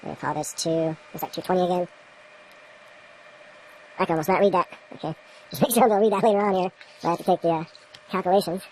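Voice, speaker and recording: A woman's voice: lowish voice, quick pace, long pauses, a little mellow, a little hiss or hum, low-quality recording. A woman in a casual instructional vlog, rambling to the camera while she works in an indoor grow room and muttering at her equipment. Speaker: home grower demonstrating light readings.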